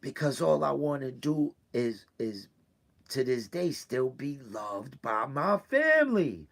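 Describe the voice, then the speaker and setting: A man talking to his regular viewers, hurt and close to tears, halting and repeating himself between sighs. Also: mid-range voice, very animated, gravelly, fairly bright tone. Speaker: weekly video host. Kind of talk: personal confessional talk. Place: indoors in a room.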